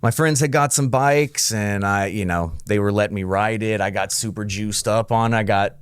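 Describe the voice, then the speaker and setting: A man's voice: lowish voice, moderate pace, clear, resonant tone, dry recording, clean studio sound. A man in his thirties, a guest on a podcast, telling stories in a laid-back, profane way and laughing often. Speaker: guest, cannabis breeder. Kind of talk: casual podcast storytelling.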